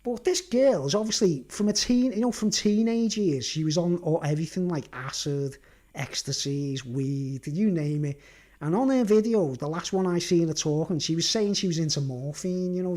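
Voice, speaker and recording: There's a darkish tone to this man's voice, though it sits on the high side. In a loose, rambling rant to camera, the vlogger laughs frequently and peppers his speech with "right?" and "mate."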